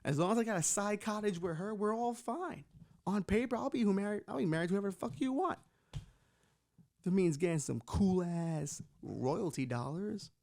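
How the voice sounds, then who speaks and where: A young podcast host from Bushwick with a raspy, gravelly edge. His voice sits a bit high for a man, and he jumps between bits and profane asides in a rambling, animated comic style. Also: moderate pace. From Puerto Rican from Bushwick, New York. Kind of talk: comedic podcast rant.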